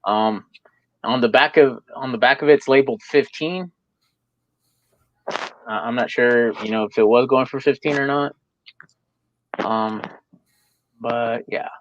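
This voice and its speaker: A man's voice: mid-range voice, measured pace, long pauses, no echo, dull audio. A young man co-hosting a live stream in a casual, laid-back chat, full of fillers and easy laughs.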